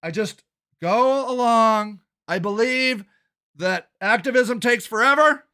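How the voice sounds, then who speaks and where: Older male activist, high strained shouting rant, harsh and profane. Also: clear, resonant tone. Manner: shouting, swearing, fast and agitated. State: angry and worked up. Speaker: local activist and city council candidate. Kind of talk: angry ranting monologue.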